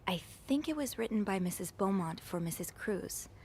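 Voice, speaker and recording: A woman plays a curious young woman in a video game who pokes into hotel mysteries. She talks in an easygoing, matter-of-fact way at a mid pitch, with faint ambient sound in the background. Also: animated, normal speed, darkish tone, slight background noise, natural voice. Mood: calm.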